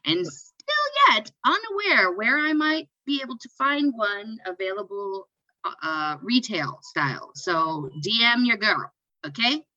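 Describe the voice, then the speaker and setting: Bright-voiced, slow-talking woman podcaster. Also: a little high, sing-song, no room sound, lo-fi sound. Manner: playful, jokey, laughs at own quips. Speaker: podcast co-host. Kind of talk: casual sports podcast chat.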